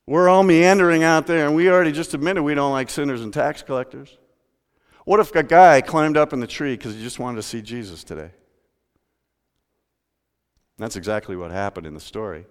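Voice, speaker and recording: A man pastor preaching a sermon in a church, telling the story with lively rhetorical questions. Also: medium pitch, a little fast, long pauses, big-room sound.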